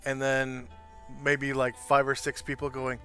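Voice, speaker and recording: A man narrating a tabletop game as game master, describing scenes in an unhurried, loosely improvised way. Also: medium pitch, monotone, sharp tone, soft background music.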